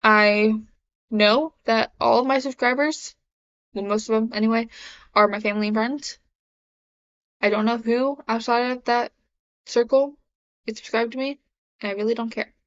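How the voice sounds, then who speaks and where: Young woman, confessional vlogger; rambling, hesitant delivery, flat high-ish voice. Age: young adult. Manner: rambling, halting, many fillers and restarts. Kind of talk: casual confessional vlog. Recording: dull lo-fi sound.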